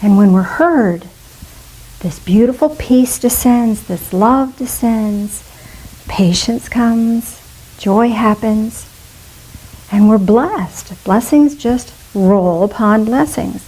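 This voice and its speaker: Playful, high-voiced woman minister. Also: slow, slightly rough, rough recording. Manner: warm, playful, musing aloud with asides. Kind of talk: spiritual talk to a congregation.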